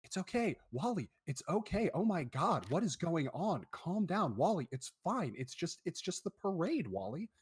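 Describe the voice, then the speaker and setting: Flustered mom in a tabletop game, anxious and soothing, raised pitch, as a man puts her on. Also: very animated, normal speed, few pauses, husky, full character voice. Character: flustered mother soothing her crying son.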